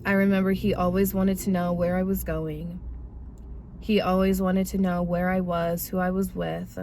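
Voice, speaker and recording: A woman's voice: on the low side, normal speed, slight background noise. A woman in her twenties telling her personal testimony in a casual, slangy way, talking straight to her viewers. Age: 20s. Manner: casual, animated, slangy, addresses viewers directly. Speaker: vlogger sharing her testimony.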